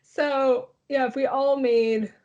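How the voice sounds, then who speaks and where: A woman's voice: high-pitched, fairly even intonation, slow, darkish tone, highs cut off. A woman co-hosting a podcast in casual chat, playful and giggly, reading out listener comments. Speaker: podcast co-host.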